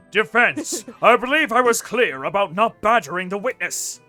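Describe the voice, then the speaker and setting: A stern courtroom judge who speaks in formal, measured pronouncements with a bright edge and lively pitch, as a man reads him in a game playthrough. Faint music runs underneath. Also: full character voice. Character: stern male judge presiding over a trial. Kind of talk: voicing a character in a game playthrough.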